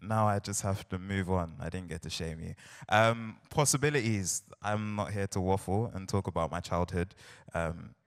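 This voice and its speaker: A man's voice: deep voice, normal speed. A young man with a South London accent, performing spoken word poetry and bantering playfully with a live crowd. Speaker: poet. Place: large hall on stage with audience. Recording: live hall recording with long reverb.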